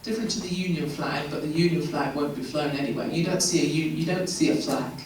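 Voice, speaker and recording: A woman from England with an English accent, giving a chatty, animated Q&A talk to a live audience with laughing asides. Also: deep voice, fast, a little hiss or hum. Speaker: guest speaker. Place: event hall. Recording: echoey hall, mic far off.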